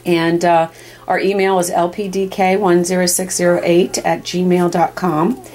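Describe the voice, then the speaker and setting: A woman's voice: fairly low pitch, flat delivery, measured pace, a little mellow. A woman dog breeder giving a casual sales walkthrough, talking plainly and chattily with frequent ums and uhs.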